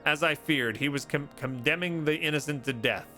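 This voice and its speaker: A man's voice: fairly high pitch, moderate pace, bright, forceful tone. A man voicing a remorseful male guardsman who confesses his guilt in a grave, solemn read-aloud delivery over faint game music.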